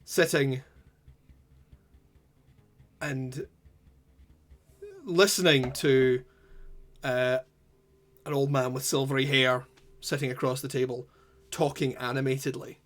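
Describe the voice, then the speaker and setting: A man's voice: medium pitch, fairly even intonation, slow pace, long pauses. Man narrating as game master.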